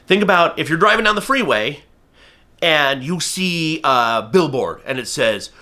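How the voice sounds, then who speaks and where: Bright, energetic man teaching falconry. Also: on the high side, a little slow. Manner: energetic, emphatic, acts out bird and viewer voices. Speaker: falconry instructor. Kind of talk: instructional talk to camera.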